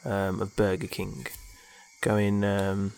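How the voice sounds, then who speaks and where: A man's voice: on the low side, flat delivery, takes it slowly, vocal fry, a little mellow, dry recording. A man, hosting a casual chat and telling a story in a rambling way, full of fillers. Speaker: podcast co-host.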